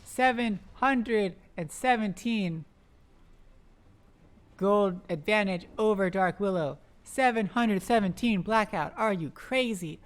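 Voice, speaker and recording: An esports caster delivers rapid-fire, excitable live play-by-play, bursting into loud exclamations, addressing the players on screen, and making self-deprecating asides. The voice is mid-range.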